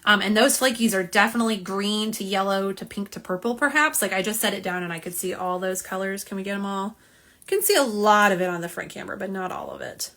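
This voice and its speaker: A woman's voice: mid-range voice, fast, fairly bright tone. A woman hosting a live nail polish unboxing stream, chatty and self-deprecating as she reads viewer comments aloud, filmed on a phone camera. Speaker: nail polish livestream host. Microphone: phone camera, front and back.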